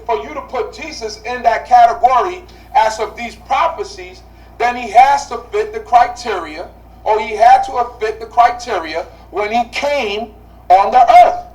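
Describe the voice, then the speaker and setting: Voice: mid-range voice, a little mellow, far from the mic, rough recording. A Bible study teacher speaking to a class, asking rhetorical questions and repeating key phrases for emphasis.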